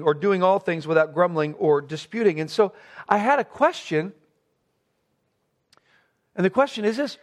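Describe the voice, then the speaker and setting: A man preaching a sermon, earnestly stressing key words and posing rhetorical questions. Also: high-pitched.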